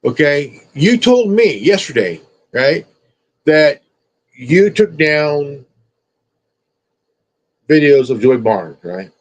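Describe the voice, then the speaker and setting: A man's voice: a little high, big pitch swings, slow pace, long pauses, low-quality recording. A man streamer ranting at someone in a confrontational, profane, repetitive way. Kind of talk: confrontational rant.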